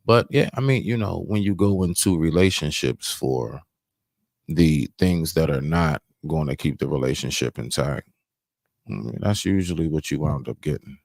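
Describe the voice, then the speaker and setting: A man's voice: extremely low pitch, normal speed, gravelly, darkish tone, no room sound, clean studio sound. A man hosting a live stream, reacting to clips with blunt, scolding, slangy commentary.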